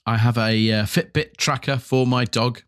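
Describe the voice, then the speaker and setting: A podcast co-host with a mid-range, fairly bright, clean voice tells a rambling, self-mocking story at a moderate pace, his tone steady and full of ums. The casual chat is recorded dry with clean studio sound.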